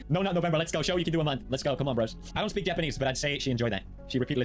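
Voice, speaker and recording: Dude rattling through meme reactions super fast, laughs a lot, soft music in the back. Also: male voice, on the high side. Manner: animated, jokey, laughs often, talks to his pets. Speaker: video host. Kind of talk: reaction commentary on online posts.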